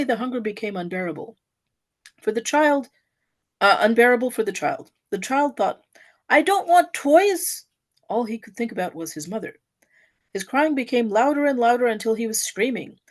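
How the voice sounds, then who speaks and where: Woman reading a devotional parable: earnest and expressive, with a fairly high, lively voice. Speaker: devotee giving an offering. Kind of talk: reading a devotional story aloud.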